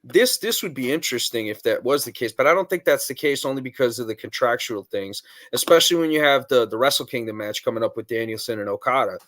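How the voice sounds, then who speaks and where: A man's voice: mid-range voice, fast, hardly any pauses, fairly bright tone, dry recording, clean studio sound. A man co-hosting a wrestling podcast, chatting casually and bluntly, swearing freely as he speculates about the card. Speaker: podcast co-host.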